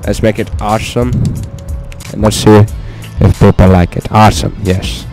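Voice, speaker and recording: A young man giving profane, excitable let's play commentary, talking to himself as he plays. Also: fairly low pitch, moderate pace, over music. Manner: profane, excitable, talks to himself while playing.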